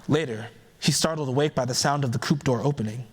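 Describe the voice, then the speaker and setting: A man giving a keynote by telling a folktale aloud in a relaxed storytelling manner, adding conversational asides as he goes. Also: medium pitch, quick pace, breathy edge. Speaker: keynote speaker. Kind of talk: oral storytelling.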